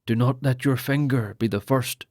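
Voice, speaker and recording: A man's voice: mid-range voice, moderate pace, darkish tone, no room sound, clean studio sound, close to an everyday voice. A man voicing a grave lord speaking in ritual tones. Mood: solemn. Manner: grave, formal pronouncements. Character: solemn ceremonial male lord ordaining priests.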